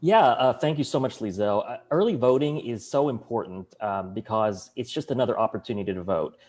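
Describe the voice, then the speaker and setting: A man's voice: mid-range voice, brisk, a little mellow. A man with a Southern US accent, speaking earnestly as a panelist on a video call and working through statistics with small restarts. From Arkansas, US. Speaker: panelist, county election official. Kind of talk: online panel discussion.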